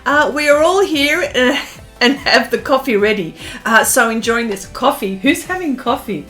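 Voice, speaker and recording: A woman's voice: sits high, lively intonation, moderate pace, fairly bright tone, soft background music. An Australian woman hosting an art live stream in bubbly, casual chat, full of fillers and giggly greetings.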